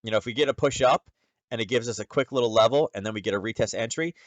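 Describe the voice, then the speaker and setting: A man's voice: medium pitch, racing, no echo. A man hosting a casual trading lesson, talking through charts in a rambling, conversational way with many fillers and self-corrections. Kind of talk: casual screen-share lesson.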